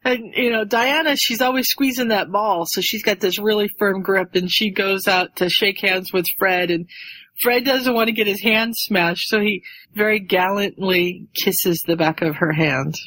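Woman co-host, mid-pitched, lively storyteller recapping a plot in a casual chat. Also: moderate pace, rough recording. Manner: enthusiastic storyteller, retelling a plot.

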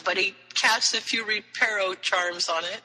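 A man co-hosting a podcast, explaining plot points in casual chat with quick agreeing interjections. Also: high voice, fairly even intonation, bright, forceful tone, long reverb tail, rough recording. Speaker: podcast co-host. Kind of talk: casual chat recapping a story.

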